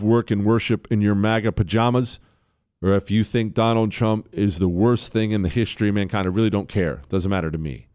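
An American man hosting a show, giving emphatic, fervent political commentary with drawn-out stresses. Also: lowish voice, darkish tone, no echo, clean studio sound. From United States. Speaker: host.

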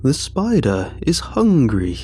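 A man voicing a villainous male theme-park announcer with a gravelly voice and a slow, taunting, drawn-out delivery. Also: mid-range voice, wildly swooping pitch, dark tone, soft background music.

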